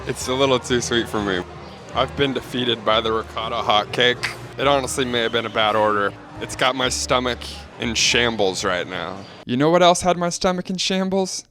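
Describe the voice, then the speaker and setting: A man's voice: mid-range voice, fairly bright tone, a little hiss or hum. A man hosting a casual travel vlog, talking in an upbeat, self-deprecating and jokey way. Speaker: host.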